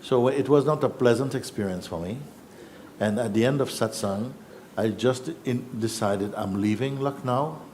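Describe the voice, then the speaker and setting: A middle-aged man, a spiritual teacher, relaxed and chuckling as he tells his story to a gathering and acts out the voices in it. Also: medium pitch, normal speed, a little hiss or hum. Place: yoga festival gathering.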